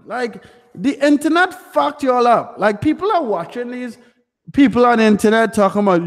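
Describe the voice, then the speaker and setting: A young man hosts a live Q&A and rants at his viewers, swearing freely and talking bluntly. His voice sits high for a man. The sound carries a long hall-like reverb. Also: lively intonation, moderate pace. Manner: profane, ranting, blunt. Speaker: livestream host answering chat questions. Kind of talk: live Q&A stream.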